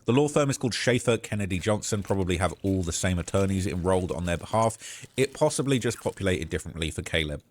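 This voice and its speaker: A man's voice: low voice, lively intonation, fast. A man hosting a live stream, giving commentary in an indignant, sarcastic rant.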